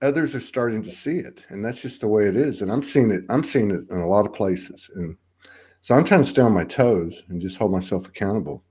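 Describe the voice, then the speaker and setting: Male chat host, slightly low voice, meandering reflective delivery, video-call sound. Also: animated, a little fast, darkish tone, breathy edge. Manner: rambling, reflective, many restarts. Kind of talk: casual live online chat.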